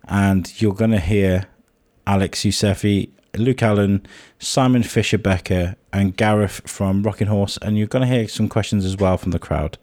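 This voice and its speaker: A low, husky male voice, hoarse from a cold, talking through a podcast intro in a loose, rambling way. The sound is close and dry, with no room around it. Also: fairly even intonation, normal speed, few pauses, a little mellow, no echo. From England. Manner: chatty, rambling with ums. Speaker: podcast host.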